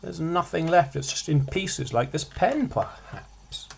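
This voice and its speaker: A man's voice: on the high side, a little slow, creaky, slight background noise. A man giving a casual revision lesson as a tutor, chatty, with jokey asides, stressing single words.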